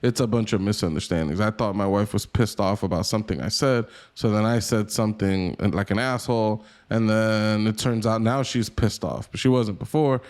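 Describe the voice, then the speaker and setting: Low-voiced, rambling male podcast co-host. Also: moderate pace, hardly any pauses, a little mellow. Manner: rambling, self-deprecating, swears freely. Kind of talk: casual podcast chat.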